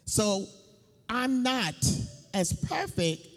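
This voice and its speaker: A middle-aged woman giving a personal testimony in church, telling her story slowly and emphatically, laughing between lines. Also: on the high side, sing-song, faint music behind. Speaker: church speaker. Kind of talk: sermon testimony. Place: church building. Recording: long hall reverb.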